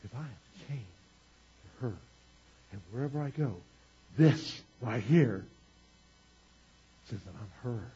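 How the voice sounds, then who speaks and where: Husky-voiced pastor guy preaching, goes soft then loud, kinda dull lo-fi sound. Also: measured pace, long pauses. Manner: dynamic preaching, swings from quiet to booming. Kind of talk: sermon.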